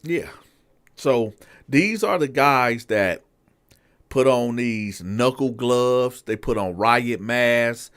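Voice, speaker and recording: A male host tells a prison story in a relaxed, slangy way. He speaks straight to his listeners in a mid-pitched voice. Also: takes it slowly.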